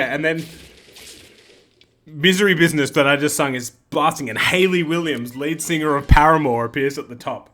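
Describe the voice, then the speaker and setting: A man's voice: fairly high pitch, normal speed, a bit bright. A man hosting casual game commentary, rambling and joking and often interrupting himself. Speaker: gaming video host.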